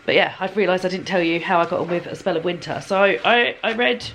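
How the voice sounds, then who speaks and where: A vlogger in her thirties rambles and giggles through a casual chat in her home kitchen, a bit snotty from a cold. Her voice is on the low side, quick and a bit bright, with slight background noise.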